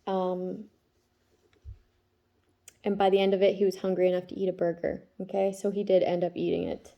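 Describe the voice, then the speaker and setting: A woman's voice: mid-range voice, monotone, normal speed, vocal fry, highs cut off. A woman in her thirties, a tarot reader talking casually about her day and her kids, often checking in with "okay?" as she goes. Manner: chatty, tags lines with "okay?". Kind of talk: casual spiritual vlog talk.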